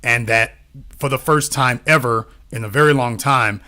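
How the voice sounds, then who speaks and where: A man's voice: mid-range voice, moderate pace, sharp tone. A man talking as a political commentator in a casual discussion, often repeating himself and asking rhetorical questions.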